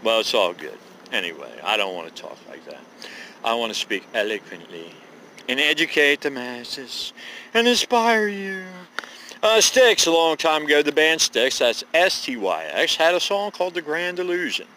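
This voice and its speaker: Fifty-something guy ranting to his camera, cusses a lot, wanders off topic, bright edgy voice, bit of hiss behind. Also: mid-range voice, expressive, normal speed, rough recording. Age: 50s. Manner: profane, digressive, folksy. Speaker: vlogger. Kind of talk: rambling monologue to camera.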